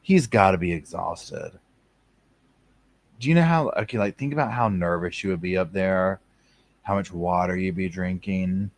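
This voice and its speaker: This man's voice sits low and moves at a normal speed. He riffs sarcastically and chattily on a live courtroom stream, acting out in asides the thoughts of those present.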